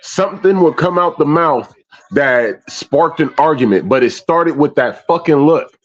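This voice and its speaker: A man co-hosting a candid casual chat, telling stories animatedly and acting out his own reactions with loud swearing. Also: a little high, lively intonation, measured pace, dull audio. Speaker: podcast co-host.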